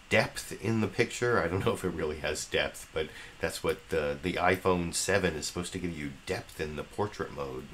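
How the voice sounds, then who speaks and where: A man's voice: deep voice, a bit bright. A man hosting a live political commentary show, talking casually with many fillers and restarts.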